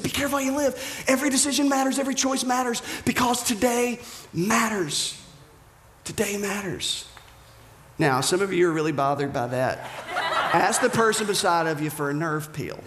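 A man preaching a sermon as pastor, animated, dropping to hushed whispers and rising to shouted emphasis. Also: high-pitched, roomy sound.

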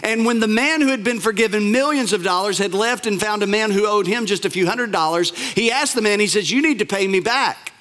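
A male pastor tells a parable in a fairly high voice, stacking repeated phrases for emphasis. He slows right down on the words that matter. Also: a bit bright. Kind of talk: sermon storytelling.

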